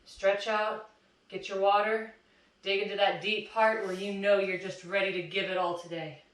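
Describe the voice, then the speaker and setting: A woman's voice: mid-range voice, steady tone, unhurried, long pauses. A woman fitness instructor coaching a plank workout, encouraging and counting down reps while out of breath. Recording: echoey room, far from mic.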